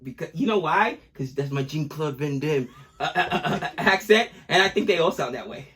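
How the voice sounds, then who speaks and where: A young adult man co-hosting a casual reaction chat, excitable and joking, swinging from loud outbursts to quiet asides. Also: on the high side, a little fast, husky. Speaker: co-host of a reaction channel.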